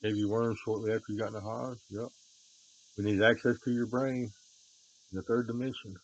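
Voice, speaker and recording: A man with a low-pitched voice rambles in unscripted talk. His delivery swings between quiet muttering and loud, repeated shouting. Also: steady tone, fairly quick, lo-fi sound, a little hiss or hum.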